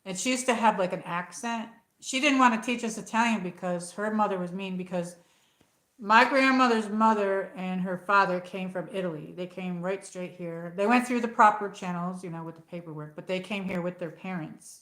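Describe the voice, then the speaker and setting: Reading and answering viewer comments, a woman hosts a casual, rambling livestream full of fillers. Her voice sits on the low side and is a bit bright, captured in an echoey room on a low-quality recording.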